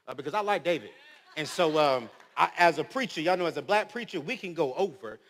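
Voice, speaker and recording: A man in his thirties preaching to a crowd in a lively, joking way, his voice rising loud and dropping soft. His voice is high and bright. It rings with long reverb from a big hall. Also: fast talker, a little hiss or hum. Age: 30s. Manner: animated storytelling, swings between loud and soft; humorous, slangy. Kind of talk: motivational speech.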